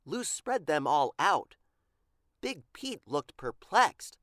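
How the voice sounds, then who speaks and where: Woman, storyteller, reading a picture book aloud, expressive, very slow, dry close sound. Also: sits low, dry recording.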